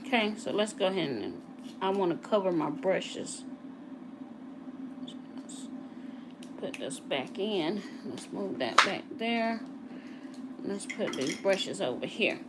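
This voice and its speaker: A woman's voice: medium pitch, sing-song, slow, long pauses, heavy background noise. A woman, a nail technician, chatting casually with live viewers as she works. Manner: chatty, talks to live viewers while working. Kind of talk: casual live tutorial chat.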